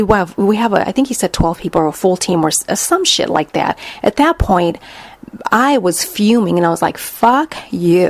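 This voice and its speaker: A middle-aged woman hosting a podcast, telling a story in a blunt, profane, animated way. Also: mid-range voice, gravelly, no echo. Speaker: podcast host. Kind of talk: casual storytelling monologue.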